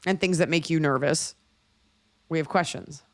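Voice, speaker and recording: A woman hosting a comedy podcast, telling stories in animated casual chat and slipping into voices. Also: low-pitched, moderate pace. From lives in Los Angeles. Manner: animated storyteller, jumps into voices mid-story. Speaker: podcast host.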